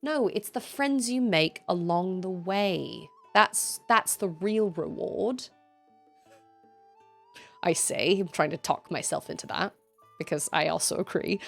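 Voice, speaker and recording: A woman's voice: medium pitch, big pitch swings, a little slow, vocal fry, a bit bright, faint music behind. A woman in her thirties streaming a game, chatting casually, reading chat and laughing often. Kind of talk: casual chat while gaming.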